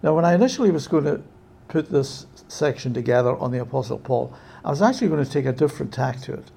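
A man preaching a sermon with emphasis, often checking in with his listeners with a quick "yeah?". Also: mid-range voice, animated, gravelly, mellow, slightly rough.

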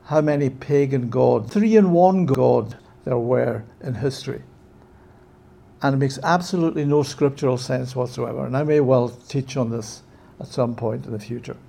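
A man preaching a sermon with emphasis, often checking in with his listeners with a quick "yeah?". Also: medium pitch, gravelly, mellow.

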